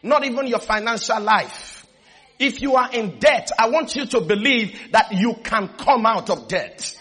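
A male pastor preaching a sermon, calling on his congregation for responses and raising his voice to shouts. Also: high-pitched, animated, a little slow, breathy edge.

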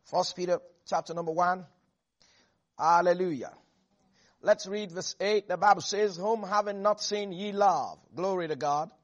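A man's voice: high voice, a little slow, highs cut off. A man preaching a sermon, emphatic, reading scripture and calling on the congregation to repeat phrases after him.

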